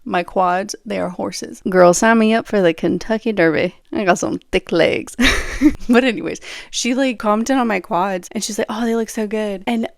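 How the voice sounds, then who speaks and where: A young woman hosting a casual solo podcast, talking in an animated, chatty way with frequent laughs and playful acted-out quotes. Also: medium pitch, normal speed, creaky, no room sound, studio quality. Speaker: podcast host.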